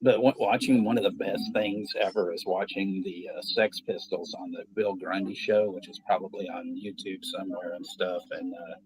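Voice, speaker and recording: A man's voice: deep voice, steady tone, normal speed, hardly any pauses, poor audio. A man in his fifties with a Texan accent, hosting a casual watch-party stream and rambling through stories with plenty of swearing. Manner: rambling storytelling, heavy swearing. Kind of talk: casual livestream chat.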